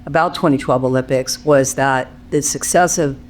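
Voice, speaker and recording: A panel moderator praising a guest and introducing the next speaker, measured with frequent fillers. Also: medium pitch, steady tone, a little hiss or hum.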